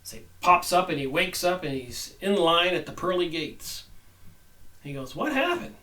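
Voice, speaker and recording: A man's voice: fairly high pitch, moderate pace, sharp tone, recorded from a distance, low-quality recording. Rambling man reading aloud. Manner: conversational, rambling asides. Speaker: channel host reviewing a book.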